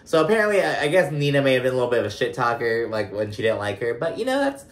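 A man's voice: medium pitch, very animated, rapid-fire. A man recapping a reality show in casual, profane commentary full of fillers. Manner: chatty, profane, lots of fillers. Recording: roomy echo.

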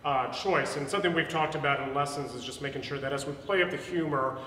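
A man's voice: on the high side, fast, pushed and bright, slight background noise. A male voice teacher coaching a student, talking in an encouraging, explanatory way with many fillers. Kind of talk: voice lesson coaching. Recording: echoey room, mic far off, with piano.

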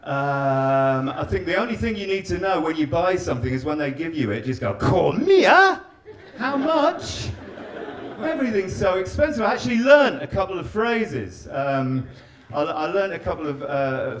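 Here a comedian's voice sits on the high side, animated and at a normal speed. He's on stage at a live venue, mocking and chatting with audience members, and the room responds with laughter.

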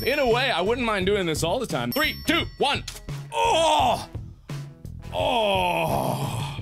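Excitable man swearing at a game. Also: high-pitched, gravelly. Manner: excitable, swears, jokes and yells. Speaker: gaming video creator. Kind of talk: let's-play commentary.

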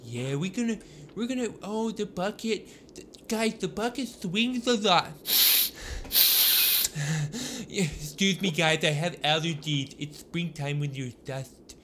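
A man's voice: high voice, lively intonation, unhurried, pauses often, fairly bright tone, voice pushed up. A man doing a bespectacled nerd with a raised, thin voice who drawls every word at a crawl. He explains things in a mild, know-it-all tone, with a faint hiss of noise behind him. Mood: nerdy. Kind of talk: put-on character voice in a gaming video.

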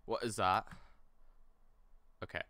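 A man's voice: takes it slowly, dry recording. A young man hosting a let's play, commenting casually and swearing as he reads the game aloud. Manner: animated, swearing, reading game lines aloud.

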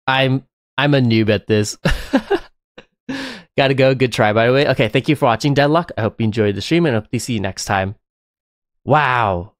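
A man giving excitable, chatty live commentary while playing a game, often breaking into laughter. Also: medium pitch, no echo, clean studio sound. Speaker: live streamer.

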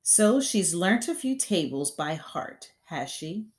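A woman voicing a huge, furious headmistress who barks and booms her scorn, read aloud from a storybook. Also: takes it slowly. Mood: scornful, bellowing. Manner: loud barking, booming delivery.

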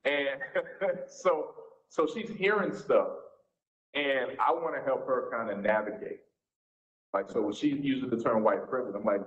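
A man's voice: mid-range voice, measured pace, fairly bright tone. Folksy Southern pastor in his forties. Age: 40s. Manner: folksy, informal preacher's talk. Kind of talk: seminar teaching with Q&A. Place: church sanctuary. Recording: echoey, dull church recording.

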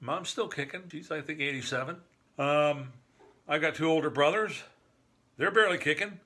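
A man's voice: a little high, moderate pace, sharp tone. A man in his sixties, from northern Michigan, talking casually to the camera in a joking, rambling way and chuckling at his own jokes. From northern Michigan, USA. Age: 60s. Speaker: vlogger.

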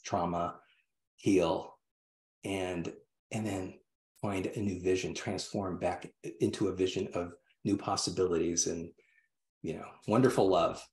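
A man, a guest in an interview, telling a story in a halting way with many restarts and fillers. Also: low-pitched, darkish tone, roomy sound. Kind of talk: interview conversation.

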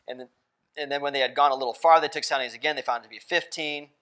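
A man preaching in a church at an average pitch. He talks in a loose, conversational way, throws questions out to the congregation and laughs easily. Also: fairly even intonation, racing, pushed and bright, clean tone. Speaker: pastor. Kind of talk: interactive sermon. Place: church sanctuary.

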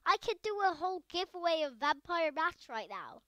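A woman giving casual gameplay commentary on her own video, chatty and excitable, rambling with fillers. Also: very high-pitched, normal speed, no room sound. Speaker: gaming video creator.

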